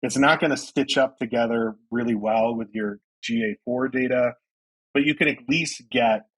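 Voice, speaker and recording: A man from Ohio talking as a guest on a podcast, explaining things in a loose, relaxed way full of fillers. His voice is mid-pitched and a bit husky. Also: moderate pace, low-quality recording. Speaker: guest, company founder. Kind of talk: casual interview chat.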